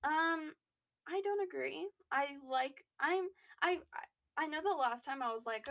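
A young woman with a high voice chats casually as a podcast co-host. She talks loosely, packing in fillers and restarting sentences as she goes. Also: normal speed, gravelly, fairly bright tone. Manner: chatty, lots of fillers and restarts. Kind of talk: casual chat.

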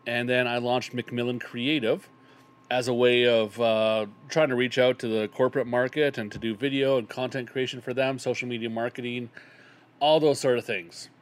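A man's voice: medium pitch, little pitch movement, moderate pace. A man in his thirties hosting a solo podcast, chatting casually and rambling with a self-deprecating tone. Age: 30s. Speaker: podcast host.

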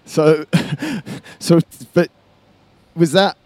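A man's voice: fairly high pitch, a little mellow, dry recording. A man hosting a casual interview podcast, encouraging his guest and often calling him mate. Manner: encouraging, calls people mate, quick to chip in. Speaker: podcast host, coach.

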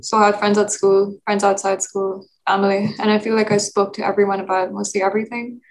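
A woman's voice: mid-range voice, level tone, fairly quick, slight background noise, rough recording. A young woman from Pakistan in a casual group discussion, talking with many fillers and restarts. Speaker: discussion participant.

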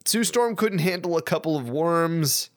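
A man's voice: fairly high pitch, expressive, unhurried. A man co-hosting a podcast in casual chat, ranting sarcastically with lots of swearing and acting out characters' lines. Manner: acts out character voices. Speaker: podcast co-host.

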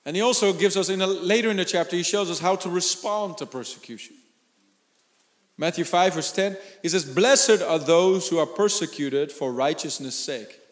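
Male pastor, high voice, lively sermon delivery, bursts of laughter and shouts, echoing church hall. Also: normal speed. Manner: animated, laughing and shouting for emphasis.

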